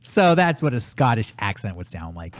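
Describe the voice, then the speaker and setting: A man's voice: fairly low pitch, big pitch swings, moderate pace. A man co-hosting a podcast in casual chat, joking in a teasing, mock-serious way. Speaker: podcast co-host.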